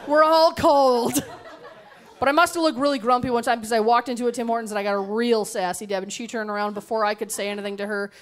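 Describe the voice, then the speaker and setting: A woman's voice: a little high, rapid-fire, few pauses, a faint crowd. A young woman doing a bawdy, sarcastic stand-up set into a handheld mic on a comedy club stage. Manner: sarcastic, bawdy, animated storytelling.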